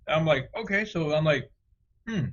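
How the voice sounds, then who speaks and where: A man co-hosting a podcast, telling an animated story and acting out the dialogue in a casual way. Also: fairly high pitch, normal speed, dull audio. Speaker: podcast co-host. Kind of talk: casual chat.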